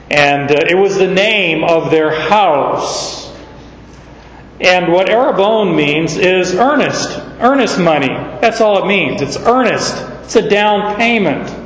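A man's voice: high voice, expressive, fairly bright tone. A middle-aged man from Arizona preaching a sermon, telling stories unhurriedly and rising sharply on key words. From Arizona, USA. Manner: unhurried storytelling with sudden emphatic rises. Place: large hall or church. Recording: muffled, echoey hall.

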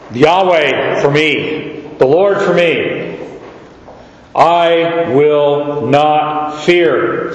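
A man preaches a verse-by-verse sermon in a slow, halting way, often repeating his words. His voice sits a little high. The recording is dull and carries a long echo from a large hall. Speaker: pastor. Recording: echoey hall, dull sound.

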